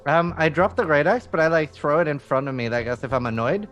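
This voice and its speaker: A man's voice: on the high side, lively intonation, quick pace, a bit bright, soft background music. A man playing a tabletop game, hesitantly working out his character's move. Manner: hesitant, thinking aloud with fillers. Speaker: player. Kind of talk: casual tabletop play.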